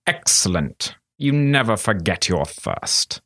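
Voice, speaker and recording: A man reading aloud and voicing a menacing male sorcerer who speaks slowly and coldly to his servant. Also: fairly low pitch, big pitch swings, creaky, sharp tone, dry recording, studio quality, heavily acted. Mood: dark, cold. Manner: slow, silky and threatening. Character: cold, menacing older male sorcerer master.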